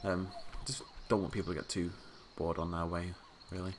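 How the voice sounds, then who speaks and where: A man's voice: low-pitched, level tone, normal speed, background noise. A man hosting a video game let's play, giving casual, playful commentary and chatting to the characters on screen.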